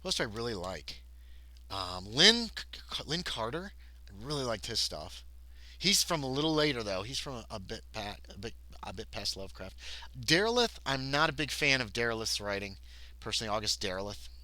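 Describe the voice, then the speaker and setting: A man talks through a solo tabletop game on a livestream, switching between reading the scenario aloud and chatting about books with his chat. His voice is bright and animated, recorded dry on a close mic. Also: medium pitch, moderate pace, no echo, rough recording. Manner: chatty, reads text aloud, thinks out loud. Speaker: solo game player and streamer.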